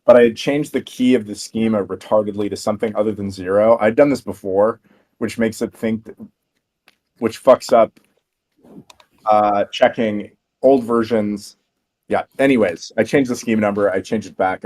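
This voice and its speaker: A man with a lowish voice chats on a livestream. He is blunt and swears freely, and he often thinks out loud mid-sentence. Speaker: developer co-host. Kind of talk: casual livestream chat.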